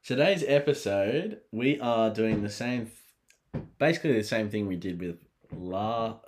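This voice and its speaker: A man's voice: lowish voice, darkish tone. An Australian man co-hosting a podcast in casual chat, throwing in dry teasing quips. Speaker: podcast co-host and producer.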